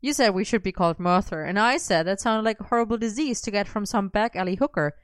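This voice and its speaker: Woman doing an awkward earnest young guy who rambles, smooth clear voice, close dry sound. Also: medium pitch, fast talker, no echo, close to an everyday voice.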